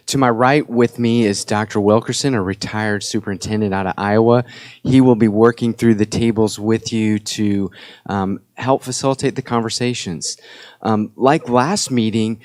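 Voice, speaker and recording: A man's voice: on the low side, a little mellow, no room sound. A man facilitating a public committee meeting, conversational and lightly joking.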